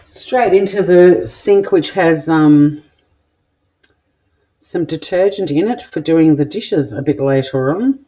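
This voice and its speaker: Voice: medium pitch, takes it slowly, warm tone, muffled recording. A home cook with an Australian accent chatting casually while cooking in a home kitchen, joking crudely and rambling as they go. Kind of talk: casual cooking vlog chat.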